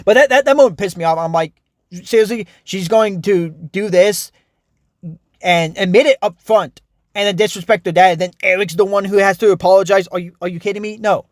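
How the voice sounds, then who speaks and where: A man's voice: high voice, moderate pace, no echo, clean studio sound. A young man giving a casual, frustrated, rambling review of a TV show, full of restarts and fillers.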